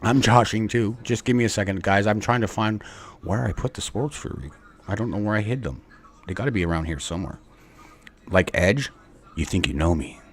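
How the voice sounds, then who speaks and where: A man's voice: fairly low pitch, fairly quick, slight background noise. A man from Canada hosting a casual sports talk livestream, playful with showman-like introductions. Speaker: livestream host.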